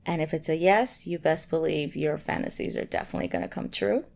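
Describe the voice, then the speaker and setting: A woman's voice: deep voice, fairly quick, vocal fry, darkish tone. An American woman co-hosting a podcast in casual chat, playful and teasing, often joking and laughing. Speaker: podcast co-host.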